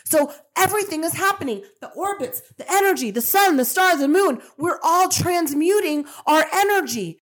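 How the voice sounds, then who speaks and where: High-voiced, emphatic motivational podcast woman. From Colombian-American. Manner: emphatic and repetitive, with casual swearing. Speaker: podcast host. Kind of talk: motivational spiritual podcast monologue.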